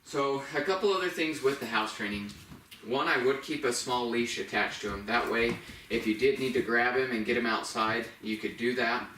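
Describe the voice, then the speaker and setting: A man's voice: medium pitch, normal speed, sharp tone. Male dog trainer, patient and instructive, talking from across a reverberant room with a faint hiss behind. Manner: patient, explains each step while praising the dog. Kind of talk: training demonstration. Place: indoors by a door. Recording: echoey room, mic at a distance.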